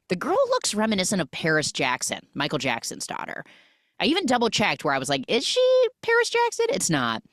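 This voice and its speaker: A woman with a low voice hosts a podcast and recaps a movie scene by scene. She talks casually and acts out the characters' lines as she goes. The sound is dry and close, with no room around it. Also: no echo. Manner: animated storytelling, acts out quoted lines. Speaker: podcast host.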